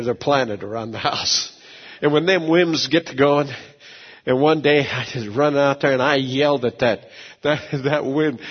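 A man preaching a sermon as pastor, telling folksy stories, repeating words and swinging from low asides to shouted peaks. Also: slightly rough, in a large hall, highs cut off.

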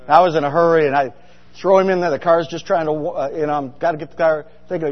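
Middle-aged preacher, high voice, big hall. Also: male voice, fast. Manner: chatty, asks the congregation questions. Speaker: pastor. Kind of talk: humorous storytelling sermon. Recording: dull sound with long hall reverb.

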